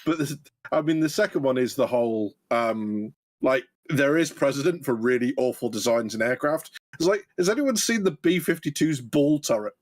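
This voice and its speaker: Animated joking man with lively pitch. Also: moderate pace. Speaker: podcast co-host. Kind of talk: casual group chat.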